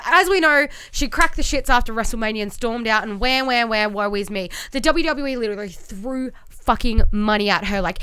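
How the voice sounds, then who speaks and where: A woman's voice: fairly high pitch, a little fast, bright, forceful tone, smooth, no echo. Ranting sweary young woman. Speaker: podcast co-host. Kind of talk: casual podcast chat.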